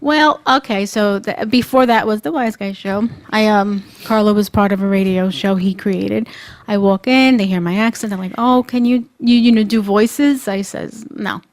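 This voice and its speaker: A woman's voice: medium pitch, moderate pace, no room sound. A woman, a radio personality guest telling bawdy stories with lots of laughter in a casual radio chat. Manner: bawdy, laughing, animated storyteller.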